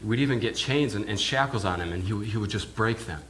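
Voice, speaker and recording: A man's voice: on the low side, fairly quick, fairly bright tone, a little hiss or hum, close to an everyday voice. A male minister preaching in character as an awed village pig herder, telling his story in the first person with hesitant, often repeated words. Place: church.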